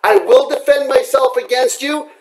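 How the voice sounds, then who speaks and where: A furious man with a very high, strained voice rants at his camera from home at night. He swears constantly and makes threats, and his voice cracks with agitation. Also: normal speed, rough recording. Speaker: vlogger. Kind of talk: angry rant to camera.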